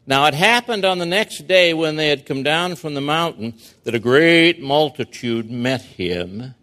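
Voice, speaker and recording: A man's voice: fairly high pitch, lively intonation, measured pace, sharp tone. A man preaching a sermon, reading verses and explaining them with emphatic rhetorical questions. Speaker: pastor. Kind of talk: expository sermon.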